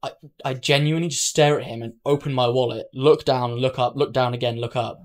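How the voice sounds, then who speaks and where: A man's voice: mid-range voice, fairly quick. Young man, from London, casual podcast storytelling, acts out quotes. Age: young adult. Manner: animated anecdote telling, acting out dialogue. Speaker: podcast co-host.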